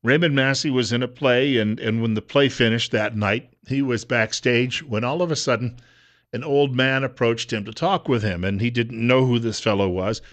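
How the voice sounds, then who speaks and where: Brief: male talk radio host, chatty and unpolished, mid-pitched voice, studio booth. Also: normal speed, a bit bright. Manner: conversational, with frequent uh fillers and repeats. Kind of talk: casual radio commentary.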